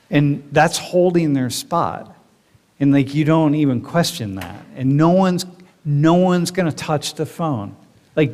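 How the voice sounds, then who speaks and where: A man lecturing to a university class, talking in an animated, rambling way with constant fillers. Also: fairly high pitch. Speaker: university professor. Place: large lecture hall. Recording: long hall reverb.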